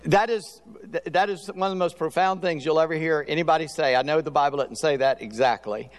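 A man's voice: fairly high pitch, fairly quick. Older male preacher in a reverberant hall. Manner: storytelling, animated, acts out voices in anecdotes. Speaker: pastor. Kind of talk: sermon.

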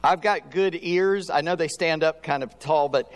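An older man delivers a sermon in a somewhat high voice, telling animated stories. His voice carries a long reverb, as if he were preaching in a big church hall. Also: moderate pace. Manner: storytelling, animated, acts out voices in anecdotes. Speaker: pastor.

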